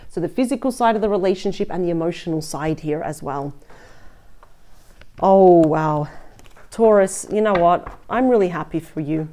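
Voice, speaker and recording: A woman's voice: on the low side, mellow. A woman giving a casual tarot reading to the camera, chatty and thinking aloud as she turns cards. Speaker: tarot reader.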